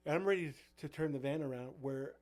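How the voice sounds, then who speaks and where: A man's voice: medium pitch, fast talker, a little mellow. A middle-aged man, a youth pastor co-hosting a casual chat and telling rambling stories full of fillers and restarts.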